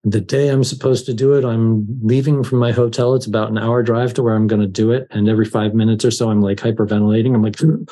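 A man guest on a podcast, telling a personal story in a lively way and acting out his own fear with laughs. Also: fairly low pitch, fast talker, hardly any pauses. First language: English. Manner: animated, laughs while telling, acts out his own panic. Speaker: life coach, podcast guest. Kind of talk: conversational storytelling.

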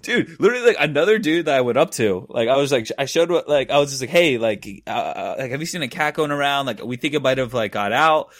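A man's voice: medium pitch, animated, fast, hardly any pauses, no echo, studio quality. A young man co-hosting a podcast, telling stories in a rambling, filler-heavy way and laughing often. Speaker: podcast co-host. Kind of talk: casual chat.

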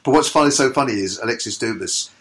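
A man's voice: mid-range voice, quick pace, a bit bright. A man who promotes comedy, talking in a casual interview in an enthusiastic, rambling, hesitant way.

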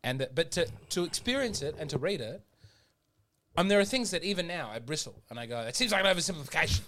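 A man's voice: on the high side, expressive, fairly quick, a bit bright. A man co-hosting a podcast in casual chat. He speaks reflectively and often trails off mid-sentence. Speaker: podcast co-host.

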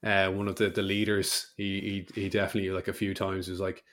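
A man's voice: low-pitched, level tone, brisk, a bit bright. A man hosting a podcast, easygoing and musing aloud in casual conversation. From Ireland. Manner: easygoing, lots of fillers and restarts when musing. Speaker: podcast host. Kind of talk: conversational interview.

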